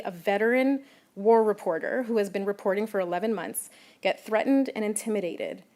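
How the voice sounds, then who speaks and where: A woman journalist giving a prepared public talk, measured and emphatic, stressing key words. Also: medium pitch, a little mellow. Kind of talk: prepared lecture.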